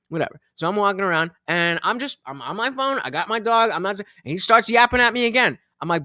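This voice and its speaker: A man tells a story on his live show, and his pitch leaps around as he acts out both sides of a shouting match. His voice is bright, with lots of swearing and false starts. It is recorded dry and close to the mic. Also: fast, hardly any pauses, no room sound. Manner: animated, profane, acts out both sides of an argument, many restarts. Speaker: streamer host. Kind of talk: casual storytelling rant.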